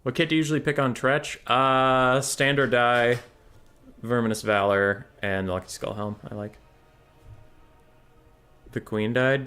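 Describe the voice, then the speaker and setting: A man's voice: medium pitch, fairly even intonation, measured pace, pauses often, sharp tone. Chatty young man casting a game tournament. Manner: chatty, answers chat questions aloud. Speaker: tournament caster and streamer. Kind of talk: casual livestream game commentary.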